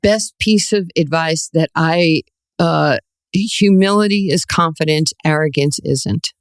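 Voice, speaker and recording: A woman in her sixties from New York, a guest telling lively stories in an interview and acting out the voices in them. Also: low-pitched, takes it slowly, dry recording, clean studio sound. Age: 60s. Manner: animated storyteller, acts out quoted voices, laughs often. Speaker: guest, former basketball player. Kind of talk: storytelling interview.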